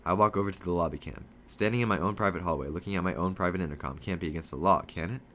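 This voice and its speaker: A man reading a children's novel aloud in steady first-person storytelling, lightly voicing the dialogue. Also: sits low, racing, slight background noise.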